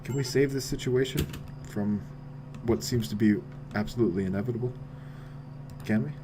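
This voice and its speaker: A man commentating his own game play with wry remarks, dropping to mutters and then shouting. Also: medium pitch, normal speed, background noise. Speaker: streamer.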